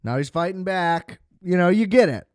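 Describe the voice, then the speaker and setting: A man's voice: sits high, lively intonation, normal speed, a little mellow, no echo, clean studio sound. A man hosting a podcast, reviewing films in a rambling, sarcastic monologue full of fillers and swearing. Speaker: podcast host. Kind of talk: casual film review monologue.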